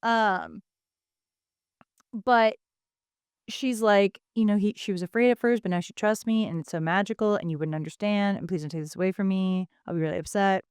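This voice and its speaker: A woman's voice: mid-range voice, clear, resonant tone, no room sound, studio quality. A woman co-hosting a podcast, recapping a book in casual chat and acting out characters' lines as she goes. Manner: animated storytelling, acting out characters in quick asides. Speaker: podcast co-host.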